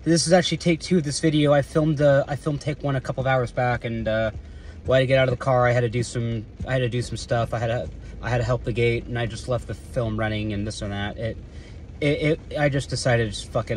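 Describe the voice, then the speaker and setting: A man's voice: medium pitch, a little hiss or hum. A man filming a casual vlog from around his car, rambling with lots of fillers, restarts and casual swearing. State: eating while talking. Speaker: security guard vlogger.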